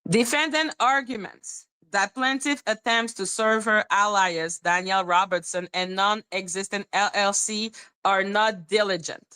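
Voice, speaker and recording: A woman's voice: medium pitch, fairly even intonation, a little slow, bright, forceful tone, smooth. A woman hosting a casual livestream, reading court documents aloud and bantering with her chat. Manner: chatty, muttering while reading, bantering with chat. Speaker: livestream host.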